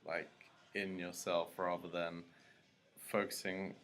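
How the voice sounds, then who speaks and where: Low, flat-voiced London man. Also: slow. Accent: London English. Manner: relaxed, hesitant, many "like" fillers. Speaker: guest. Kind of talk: casual interview chat.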